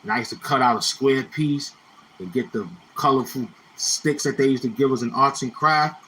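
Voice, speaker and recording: A man's voice: mid-range voice, moderate pace, bright, forceful tone, a little hiss or hum, low-quality recording. A man telling rambling, slang-heavy stories from his youth in a casual monologue, repeating phrases as he reminisces. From Brownsville, Brooklyn, New York. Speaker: YouTuber.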